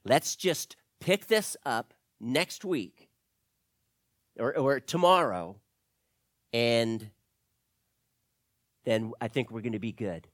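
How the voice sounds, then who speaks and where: A man's voice: medium pitch, slow pace, long pauses, no room sound, clean studio sound, voice pushed down, lightly acted. A man voicing a worried, earnest boy on an expedition in a told story. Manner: earnest, confiding.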